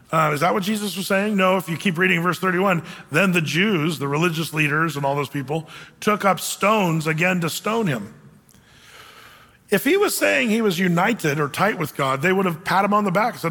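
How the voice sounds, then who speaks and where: A man's voice: high-pitched, normal speed, sharp tone, in a large hall. A man preaching a sermon in an emphatic, conversational way, acting out quotes as he goes. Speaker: pastor.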